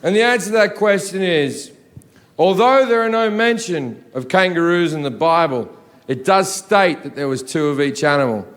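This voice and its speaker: A man's voice: fairly high pitch, expressive, normal speed, a little hiss or hum. A man in his thirties doing a profane, ranting stand-up comedy set on a theatre stage into a handheld mic. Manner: profane, ranting, ramps up to shouting. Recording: live theatre with audience. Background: audience laughter.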